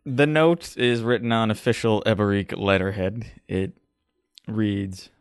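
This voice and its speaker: A man's voice: fairly low pitch, steady tone, measured pace, clear, resonant tone, dry recording. A man narrating as game master of a tabletop role-playing game, describing scenes in a dry, descriptive way.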